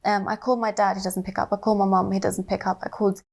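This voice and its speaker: A young woman on a panel, telling a family story in a steady, detailed way with frequent ums. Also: mid-range voice, very fast, creaky. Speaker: panel guest.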